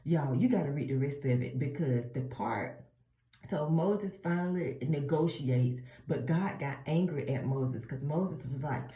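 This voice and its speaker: Low-voiced woman preaching casually. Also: normal speed. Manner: animated storytelling, addresses listeners as y'all. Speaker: Bible teacher. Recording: roomy echo.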